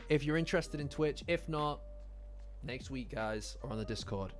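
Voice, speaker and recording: A man's voice: mid-range voice, measured pace, a bit bright. A man hosting a casual chat with viewers late at night, tired and yawning, rambling with frequent restarts and jokes to his audience. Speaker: anime and manga commentary channel host. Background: lo-fi background music.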